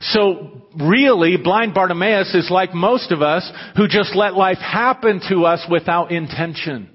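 Heard through muffled, dull audio and a long hall reverb, a pastor preaches unhurriedly in a voice that sits high and is slightly rough. His manner with the congregation is conversational, broken by emphatic bursts where he raises his voice.

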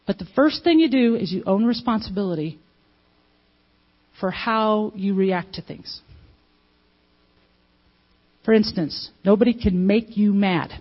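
In a sermon delivered conversationally, a woman asks the congregation questions and acts out little quotes. Her medium-pitched voice is a little slow, with long pauses, and the sound is lo-fi.

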